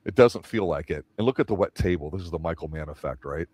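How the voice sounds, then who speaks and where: Deep-voiced man in dry close sound. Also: fast, no echo. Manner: chatty, asks questions, animated. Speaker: co-host reviewing a TV episode. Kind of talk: casual review chat.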